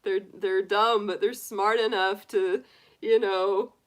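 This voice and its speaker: A woman's voice: mid-range voice, steady tone, takes it slowly. A middle-aged woman hosting a tarot live stream, chatting casually, giggling often and greeting viewers by name.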